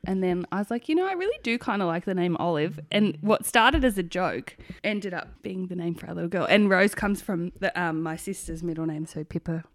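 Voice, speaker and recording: Chatty woman, low dry voice. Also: expressive, fairly quick, few pauses, no room sound. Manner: chatty, laughs often, swears casually. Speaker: guest sharing her birth story. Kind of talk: casual podcast chat.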